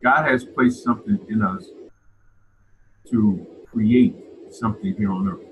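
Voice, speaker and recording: A man's voice: on the low side, unhurried, a little hiss or hum, low-quality recording. A man preaching a sermon, often repeating words as he builds his point.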